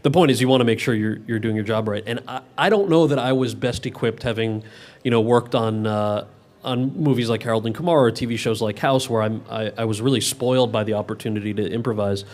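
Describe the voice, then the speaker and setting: A man's voice: medium pitch, brisk, darkish tone. A male actor answering audience questions at a public Q&A, candid and often restarting his sentences. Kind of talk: public Q&A conversation. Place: event with live audience.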